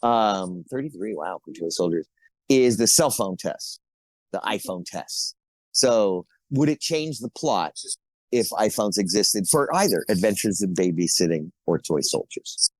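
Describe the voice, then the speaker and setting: A man's voice: fairly low pitch, lively intonation, measured pace, no room sound, low-quality recording. Laid-back man telling set stories. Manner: laid-back storytelling, chuckles often. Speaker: guest actor. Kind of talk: casual podcast chat.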